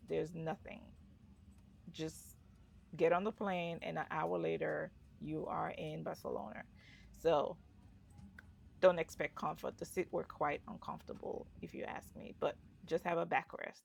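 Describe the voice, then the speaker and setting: Gravelly low-voiced woman vlogger. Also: fairly even intonation, measured pace, slight background noise. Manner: chatty, storytelling with asides. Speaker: travel vlogger. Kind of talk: casual travel vlog narration.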